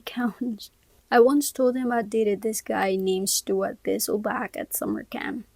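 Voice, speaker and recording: A woman reading a first-person novel aloud, soft-spoken and often sinking to a whisper, close to the mic. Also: medium pitch, gravelly, dry recording, rough recording. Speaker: audiobook reader.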